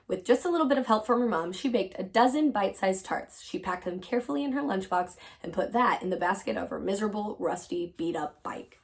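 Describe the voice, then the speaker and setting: A woman teacher reading a children's chapter book aloud with expressive storybook narration. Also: medium pitch.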